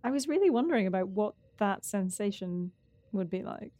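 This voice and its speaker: A woman's voice: mid-range voice, animated, normal speed, warm tone, no echo. A woman co-hosting a podcast, teasing and playful in casual chat. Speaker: podcast co-host.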